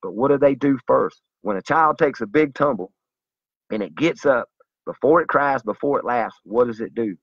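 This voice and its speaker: A man's voice: mid-range voice, expressive, normal speed, breathy edge, no room sound. A man delivering a zealous, preachy monologue straight to his viewers in a slightly dull lo-fi recording. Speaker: vlogger. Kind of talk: earnest direct-to-camera monologue.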